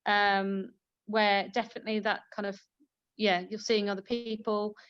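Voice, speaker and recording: A woman with a mid-range, fairly flat voice speaks at a normal pace, smooth and echo-free. She hosts an online panel chat and, as a midwife, tells a story in a chatty way packed with fillers. The video-call audio sounds dull and slightly lo-fi.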